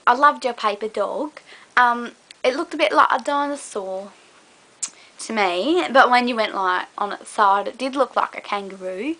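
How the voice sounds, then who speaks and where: A woman's voice: fairly high pitch, normal speed, sharp tone. A young woman chatting casually to a fellow vlogger in a put-on British accent, rambling with many fillers. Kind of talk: casual chat to a collab partner.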